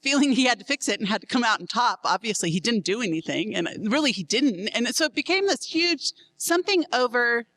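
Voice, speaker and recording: A middle-aged woman speaks frankly to a room of couples, sprinkling in laughing asides. Her voice sits a little on the high side. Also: expressive, brisk, few pauses, fairly bright tone, poor audio. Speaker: seminar speaker. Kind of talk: candid talk to couples.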